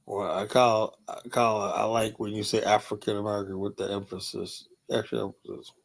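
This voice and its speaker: A man's voice: lowish voice, flat delivery, moderate pace, vocal fry. An older man hosting a livestream, talking casually and bluntly, swearing often and leaning heavily on "you know". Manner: rambling, blunt, profane, many "you know" fillers. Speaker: livestream host. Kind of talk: casual livestream talk reading chat.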